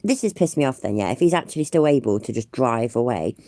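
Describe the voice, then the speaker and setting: A man's voice: medium pitch, lively intonation, fast talker, mellow, no echo. A man doing sarcastic, exasperated reaction commentary over police footage.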